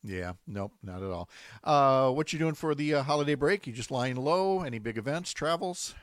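A man's voice: medium pitch, expressive, moderate pace, no echo, clean studio sound. A man hosting a political talk show, easygoing and wry, laughing along with his guest. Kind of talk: casual political chat.

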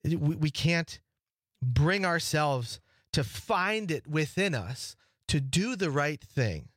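A man in his forties speaking as a parent, halting with restarts at first and building to indignant outrage. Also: a little high, very animated, a bit bright, no room sound, studio quality. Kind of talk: impassioned personal testimony.

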